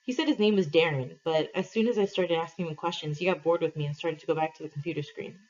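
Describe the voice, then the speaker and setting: A woman teacher reading a novel aloud to her class, in an expressive, measured way, in a dull lo-fi recording. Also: sits low.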